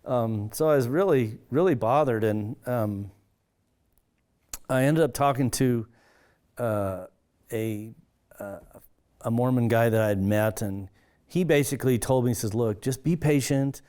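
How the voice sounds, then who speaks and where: An earnest man of middle pitch telling a personal testimony, stumbling and restarting as he searches for words. His voice lifts and livens whenever he acts out what someone else said. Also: darkish tone, smooth. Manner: earnest, halting, with many restarts. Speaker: pastor.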